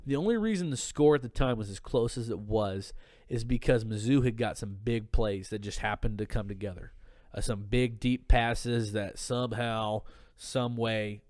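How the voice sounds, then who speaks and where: A man's voice: fairly low pitch, moderate pace, darkish tone, no room sound, studio quality. A man talking casually on a podcast, telling a heated, profane story and sounding a little tipsy. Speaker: podcast guest. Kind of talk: casual drunk podcast chat.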